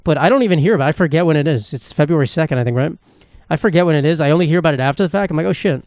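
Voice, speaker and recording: A man's voice: fairly high pitch, racing, darkish tone, no echo, clean studio sound. A young man hosting a solo podcast, rambling and swearing in a self-mocking, casual way. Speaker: podcast host. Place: home room with knickknacks.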